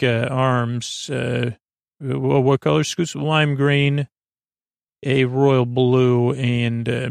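A man recaps an episode for a sleep podcast in a low-key, unhurried way, often stopping to correct himself. His voice has a gravelly fry and stays level, with little rise or fall. The sound is dry and close. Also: no echo. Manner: halting, many fillers and self-corrections.

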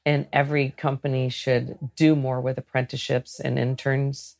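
A woman sits for a casual interview about running a sailing program. She has a low voice with a gravelly edge. She tells lively stories and acts out the things people say to her. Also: moderate pace. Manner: lively storyteller who acts out what others say. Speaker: guest, head of a sailing program.

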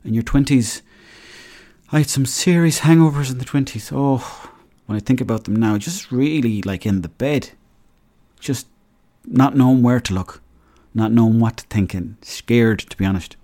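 A man's voice: medium pitch, moderate pace, warm tone. Rambling Irish man in his thirties. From Ireland. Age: 30s. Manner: rambling, joking, acts out little dialogues. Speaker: podcast host. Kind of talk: casual solo podcast monologue.

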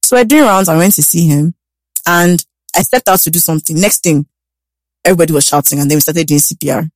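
A woman doctor in casual conversation, her voice sitting fairly low for a woman. She tells stories with lively emphasis. The sound is dry and close, with no room echo. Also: quick pace. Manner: animated storytelling, emphatic. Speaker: podcast co-host, doctor. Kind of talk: casual chat.

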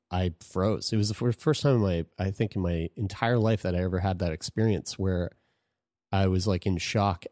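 Low-voiced man telling a frank story. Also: a little mellow, no echo, studio quality. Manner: frank and profane, with frequent restarts. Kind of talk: casual conversational storytelling.

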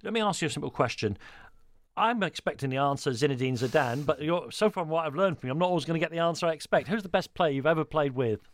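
A man's voice: a little high, lively intonation, fast. A man hosting a radio talk show, chatty and joking, with frequent fillers and restarts. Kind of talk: radio interview. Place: radio studio.

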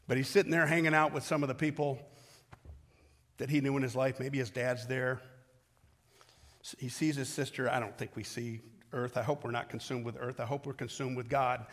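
A middle-aged pastor with a mid-range voice delivers a sermon in a conversational way, moving between loud calls and hushed reflection.

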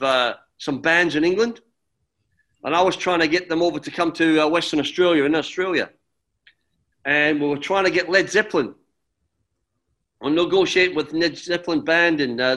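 Rambling former footballer telling stories. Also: male voice, on the high side, fairly bright tone. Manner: rambling, with many restarts and "mate". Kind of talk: relaxed anecdotal storytelling.

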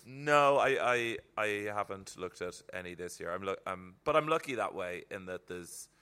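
Casting note: man comic, low bright voice, reflective storyteller. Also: expressive, moderate pace, clean tone. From Ireland. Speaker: comedian guest. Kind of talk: casual chat.

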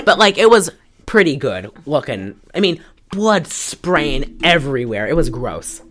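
A woman with a low voice talks through a movie's plot in a casual podcast chat. She tells the story in an animated way and fills it with "like.". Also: unhurried. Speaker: podcast co-host. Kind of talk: casual film recap chat.

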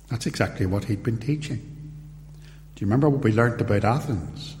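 A man preaching a sermon, telling the story slowly and acting out the quoted voices. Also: on the low side, darkish tone. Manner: slow, deliberate storytelling with acted-out quotes. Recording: roomy hall with long reverb.

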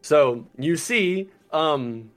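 A man running a tabletop game as game master, lively and often laughing, exasperated at his players. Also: fairly high pitch, drawn-out words.

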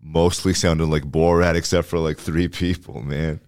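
Deep, smooth-voiced comedian. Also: male voice, fairly even intonation, darkish tone, no room sound, studio quality. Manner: halting, restarts a lot. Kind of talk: casual podcast chat.

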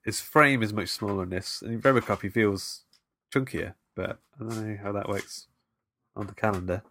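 A man co-hosting a podcast, chatting about a film in a relaxed, rambling way. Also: fairly low pitch, moderate pace, slight background noise. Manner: relaxed, rambling, loses his thread. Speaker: podcast co-host. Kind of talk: casual film recap chat.

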